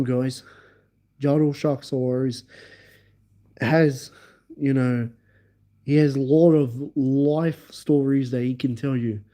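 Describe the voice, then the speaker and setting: A man hosting a livestream, telling a rambling story in an excitable way and talking directly to his viewers. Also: medium pitch. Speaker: livestream host.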